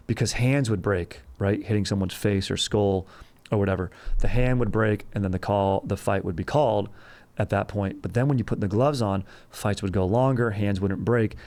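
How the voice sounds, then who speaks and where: A man hosts a casual history podcast, his voice sitting a bit low. He rambles loosely with plenty of ums and crude jokes, keeping the tone relaxed and chatty. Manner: loose and jokey, with many fillers and crude asides. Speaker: podcast host.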